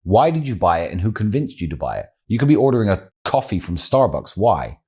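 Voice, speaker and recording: A man with a deep, low-pitched voice delivers motivational advice. He speaks bluntly and coaches the listener directly, like a mentor laying down rules. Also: big pitch swings, fairly quick, darkish tone, husky. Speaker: course presenter.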